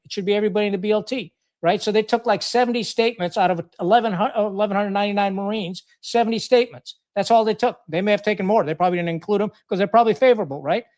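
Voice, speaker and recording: Blunt, profane man with a high voice. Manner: blunt, profane, animated storytelling. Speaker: podcast guest, retired Marine officer. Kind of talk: storytelling in a podcast interview.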